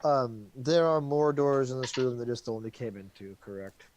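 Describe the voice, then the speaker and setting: Male player, mid-pitched voice, halting casual game chat. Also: noisy background. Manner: halting, repeats words while thinking.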